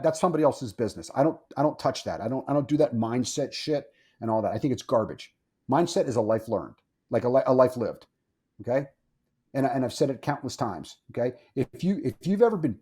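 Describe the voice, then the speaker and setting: A firearms instructor appears as a podcast guest, his medium-pitched voice mellow with a breathy edge. He is blunt and opinionated, swears freely, and often repeats himself.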